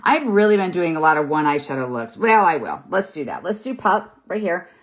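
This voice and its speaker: A woman in her fifties, who sells makeup, hosts a live tutorial on a phone or webcam set in front of her. Her voice sits on the low side, sing-song and brisk, as she chats, encourages, and rambles a little with fillers while working on camera.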